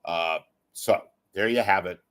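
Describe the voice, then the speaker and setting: A man's voice: sits low, measured pace, a bit bright. A man hosting a show, rambling and kvetching in a self-mocking way while he appeals for donations and reads comments. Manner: reads viewer comments aloud. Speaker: show host. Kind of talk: casual monologue with a donation appeal.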